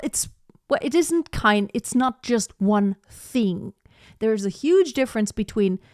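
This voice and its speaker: A woman's voice: on the high side, no room sound, clean studio sound. A woman vocal coach teaching a live online singing lesson, chatting loosely with many fillers and demonstrating sounds. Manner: chatty, rambling, many "like" and "you know" fillers; demonstrates sounds with her own voice.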